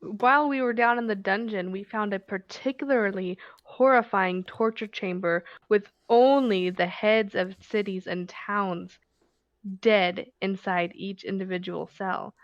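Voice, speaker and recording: A woman speaks in character at a tabletop game, earnest and deliberate. Her voice comes through a muffled, lo-fi mic with a dead-dry sound. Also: mid-range voice, no room sound. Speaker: player. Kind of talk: in-character role-play.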